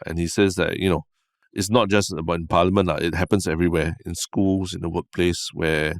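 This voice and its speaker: Singaporean male co-host, very low pitch, laid-back banter. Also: a little fast, dry recording, clean studio sound. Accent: Singaporean English. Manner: relaxed, laughing, sprinkles "lah". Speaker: podcast co-host. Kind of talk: casual chat.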